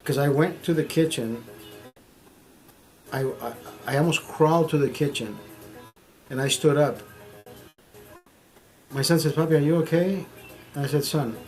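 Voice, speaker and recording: A middle-aged man hosting a stream, telling a story in casual, profane, animated talk, repeating phrases for emphasis. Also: medium pitch, unhurried, long pauses, faint music behind. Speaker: streamer host.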